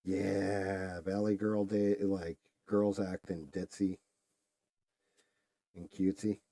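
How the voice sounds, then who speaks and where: A man with a low, mellow voice chats casually while he works on a painting. He rambles, swears freely and often trails off into quiet mutters. The sound is dry and close. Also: flat delivery, slow, dry recording. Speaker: streamer painting a figure. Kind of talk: casual chat while working.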